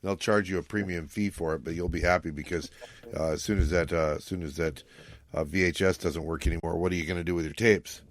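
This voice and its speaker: A man's voice: sits low, steady tone, quick pace. A man co-hosting a podcast, talking through a novel in a loose, rambling way with many fillers. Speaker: podcast co-host. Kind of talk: casual book discussion.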